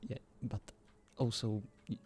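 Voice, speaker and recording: A man role-playing a character on a live stream, speaking in a calm, measured way and chuckling often. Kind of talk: in-character role-play chat.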